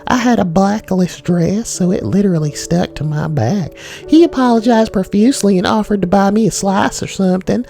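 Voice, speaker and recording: A squealing, excitable young woman chatters through her story in a very high voice, put on by a man. Her words tumble out fast and eager while faint music plays underneath. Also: gravelly. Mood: excited.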